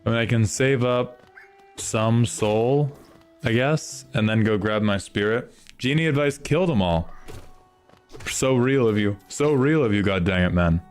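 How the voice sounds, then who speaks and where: A man's voice: medium pitch, unhurried, a little mellow, clean tone, faint music behind. A young man streaming a video game, reacting with constant frustrated swearing as he plays. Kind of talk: live gameplay commentary.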